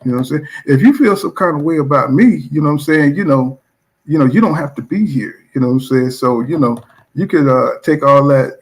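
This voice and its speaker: A man hosting his own boxing channel, chatting casually and bluntly as he reacts to viewer comments, repeating fillers like "you know what I'm saying". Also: a little high. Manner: blunt and profane.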